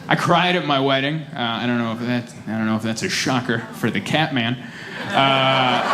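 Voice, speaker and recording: A young adult man performing a stand-up comedy set on a club stage into a handheld mic, shifting from deadpan storytelling to loud, animated punchlines. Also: a little high. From United States. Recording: live club room with audible noise.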